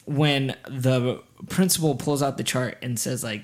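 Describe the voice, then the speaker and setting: A man co-hosting a podcast, chatting casually in an excitable way, telling stories and laughing often. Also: medium pitch, unhurried. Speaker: podcast co-host. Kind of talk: casual chat.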